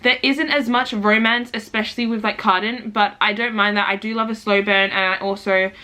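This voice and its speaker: A young woman vlogging her reading, chatty and excitable, gasping and exclaiming as she reacts. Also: medium pitch, a little fast. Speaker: book vlogger. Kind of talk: casual reading vlog reactions.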